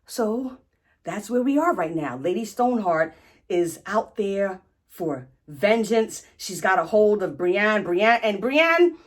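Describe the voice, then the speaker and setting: A woman hosting a casual, animated story recap in slangy speech, acting out the quotes as she goes. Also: mid-range voice, slow. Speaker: host.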